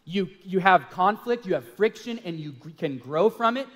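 A man's voice: sits high, animated, moderate pace, fairly bright tone. A man co-hosting a talk on marriage, speaking earnestly in a casual sermon style and telling self-deprecating stories. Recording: hall reverb.

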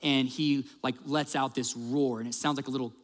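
A male pastor preaching a sermon, telling stories in a lively way and acting out the quotes. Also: medium pitch, normal speed, in a large hall. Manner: animated storyteller, acts out quotes.

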